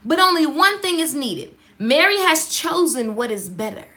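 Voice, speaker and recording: A woman voicing a patient male teacher who chides gently and emphatically. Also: sits high, big pitch swings, normal speed, exaggerated voice. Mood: chiding.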